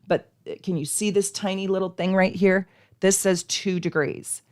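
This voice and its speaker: A woman's voice: medium pitch, fairly even intonation, moderate pace, a little mellow, no echo, studio quality. A woman hosting a live astrology stream, teaching casually and chatting with viewers, with frequent ums.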